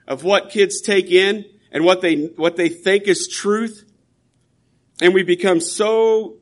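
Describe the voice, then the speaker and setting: Earnest high-voiced male preacher. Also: a bit bright. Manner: earnest, emphatic, conversational with repeated restarts. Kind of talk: sermon.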